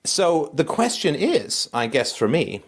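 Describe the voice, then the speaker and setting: A man hosting a call-in show, talking in an animated, conversational way. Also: a little high, unhurried, husky. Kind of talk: call-in talk.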